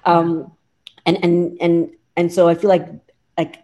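The audio is lo-fi, and her voice is on the low side and dark, with a flat delivery taken slowly. A woman in her fifties who is a lawyer and law professor, she speaks earnestly and from the heart as an interview guest, often restarting.

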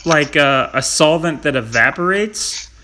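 A man's voice: fairly high pitch, expressive, unhurried, noisy background. A man from Missouri hosting a podcast, chatty and rambling in casual talk, with lots of fillers and laughs. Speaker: podcast host. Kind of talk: casual chat.

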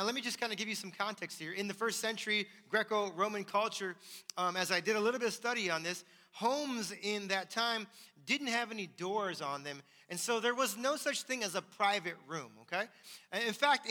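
A man's voice: sits high, pushed and bright. A male pastor preaching a conversational, emphatic sermon, often checking in with "right?". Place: church sanctuary. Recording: long hall reverb.

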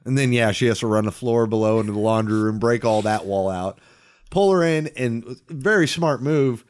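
A man's voice: mid-range voice, normal speed, smooth, no echo. A man in casual movie chat, animatedly retelling scenes with plenty of swearing.

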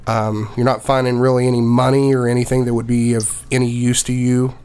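A man narrating a tabletop game as its game master, taking his time and padding with ums and you-knows. His voice sits in a mid pitch. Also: flat delivery, a little mellow, clean tone. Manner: unhurried, filler-heavy narration.

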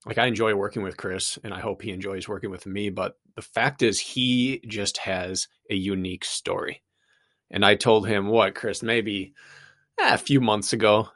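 A man's voice: lowish voice, fairly even intonation, moderate pace, fairly bright tone. A man hosting a running podcast and coaching his guest, talking in a chatty, upbeat way. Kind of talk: casual chat.

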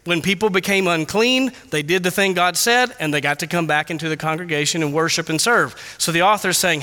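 A man's voice: sits high, brisk, hardly any pauses, pushed and bright, long reverb tail. A man preaching an expository sermon as pastor, earnest and building to emphatic passion on key points.

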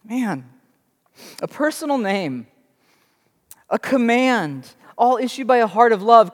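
A man's voice: very high voice, big pitch swings, slow, long pauses. A young adult man preaching a sermon, telling the story dramatically with emphatic rhetorical questions. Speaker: pastor. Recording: long reverb in a large hall.

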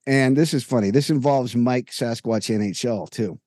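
Mellow-voiced man telling a long story. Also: mid-range voice, normal speed, no echo, studio quality. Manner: long, detailed anecdotes with lively retold dialogue. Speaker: podcast co-host. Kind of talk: casual storytelling chat. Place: home room with jerseys on the wall.

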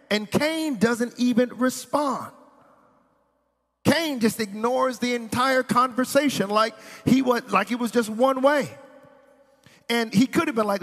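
A man's voice: very high voice, expressive, measured pace, a bit bright, in a large hall. A man preaching a sermon as pastor, reading scripture and building intensity with playful asides. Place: church sanctuary.

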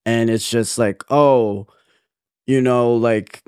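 A man's voice: mid-range voice, fairly even intonation, slow, a little mellow, clean tone, no echo, clean studio sound. A young man co-hosting a casual podcast chat, talking earnestly in long rambling runs with many restarts. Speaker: podcast co-host.

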